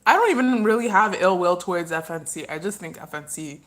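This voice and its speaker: A woman's voice: fairly low pitch, expressive, a little fast, fairly bright tone. A woman hosting a casual livestream, rambling through her opinions and talking while she eats. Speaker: livestream host.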